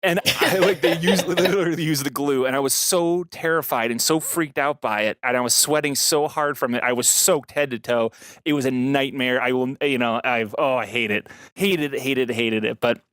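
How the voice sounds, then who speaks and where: A man co-hosting a podcast, telling a story in casual chat, animated and laughing through it. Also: medium pitch, normal speed. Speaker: podcast co-host.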